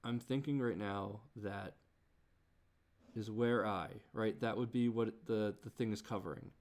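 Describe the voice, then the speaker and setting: A man thinking aloud while he composes, muttering in halting restarts and groaning at himself. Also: lowish voice, a little mellow. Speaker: creator working on a song.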